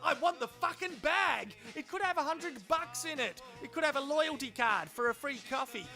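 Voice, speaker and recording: A man's voice: extremely high pitch, animated, moderate pace, sharp tone, soft background music, pitched above the performer's own voice, exaggerated voice. A man voicing a scrappy, crude male goose, in a comic voice-over. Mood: greedy. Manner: crude and indignant. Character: scrappy homeless male goose, foul-mouthed.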